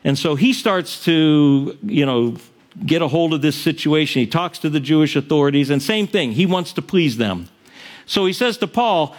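Male pastor, sermon, conversational storyteller with a fairly high voice. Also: lively intonation, normal speed.

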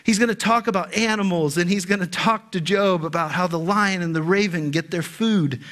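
High-voiced pastor preaching a sermon. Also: male voice, a bit bright. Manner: conversational preaching, quick asides, chuckles, reads scripture slowly.

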